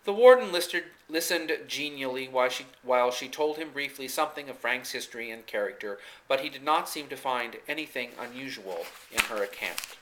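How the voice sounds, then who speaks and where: A man reading a novel aloud in a clear, steady storytelling manner, recorded on a camcorder mic. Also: mid-range voice, brisk, hardly any pauses, low-quality recording. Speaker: audiobook reader. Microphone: camcorder microphone.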